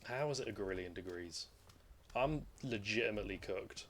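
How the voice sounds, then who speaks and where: Here's a gameplay streamer whose voice runs on the low side, animated and fairly bright at a normal pace. He jokes around, rambles and curses casually while playing, and a little hiss or hum sits under the recording.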